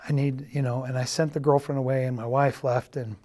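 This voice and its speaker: A middle-aged man giving a halting, earnest confessional testimony, often dropping to a quiet, subdued tone. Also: medium pitch, level tone. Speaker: church member giving a personal testimony.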